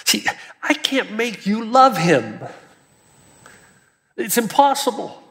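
A male pastor preaching an earnest, emphatic sermon, lifting his voice on key words. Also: high-pitched. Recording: long hall reverb.

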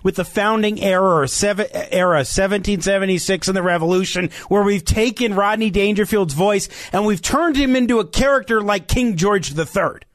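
A man's voice: sits high, normal speed, few pauses, no echo. A man hosting a radio talk show, prompting his guest with questions. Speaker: radio host. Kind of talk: radio interview. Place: radio studio.

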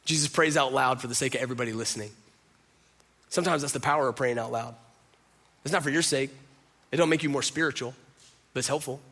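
A man pastor preaching a sermon, earnest and emphatic, who slows to soft, quiet lines at the close. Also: medium pitch.

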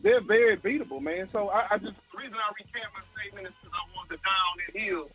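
A man's voice: sits high, fast talker, bright, forceful tone, husky, soft background music. A man calling in to a sports talk show, out of breath and making his point with emphasis. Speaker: caller. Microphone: phone line. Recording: dull lo-fi phone call.

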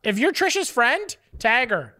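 A young man from Southern California co-hosts a comedy podcast, riffing in a rambling, animated way. His voice is bright and keen, and his pitch leaps up and down constantly as he talks. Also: a little slow. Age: 20s. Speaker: podcast co-host. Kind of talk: casual comedic podcast banter.

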